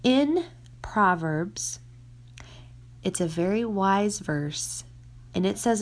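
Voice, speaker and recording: Woman in her thirties, earnest Christian mom talk, mid-pitched voice, soft whispered asides. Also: expressive, drawn-out words, long pauses. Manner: earnest, drops to a whisper for emphasis. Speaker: mother sharing faith-based advice. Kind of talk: casual Christian teaching talk.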